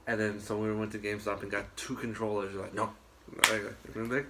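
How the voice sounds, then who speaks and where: Rambling, animated man telling stories. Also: lowish voice, a little fast, noisy background. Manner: rambling, animated storytelling with frequent swearing. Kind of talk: casual chat.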